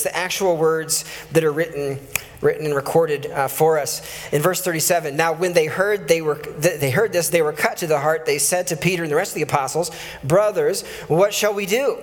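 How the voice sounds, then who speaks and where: A man's voice: a little high, in a large hall. A male pastor giving a conversational sermon and reading scripture aloud, often correcting himself and adding chuckling asides.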